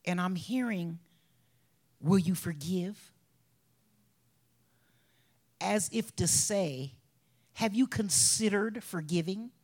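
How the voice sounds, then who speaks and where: Woman, bereaved mother, husky voice, emotional personal testimony with soft whispered stretches. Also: fairly low pitch, slow pace, pauses often. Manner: emotional, drops to soft whispers, breaks into laughs.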